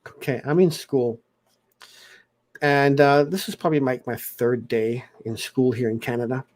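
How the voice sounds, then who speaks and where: A man's voice: medium pitch, steady tone, moderate pace, darkish tone. A man in his forties from South Africa, hosting a casual livestream chat and telling rambling stories with frequent restarts. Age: 40s. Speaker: livestream host.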